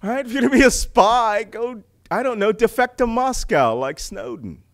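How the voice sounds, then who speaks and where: Animated middle-aged man giving a talk. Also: very high-pitched, moderate pace, gravelly. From United States. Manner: animated, rhetorical questions, laughs at own jokes. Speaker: speaker on intelligence. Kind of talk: public talk to an audience.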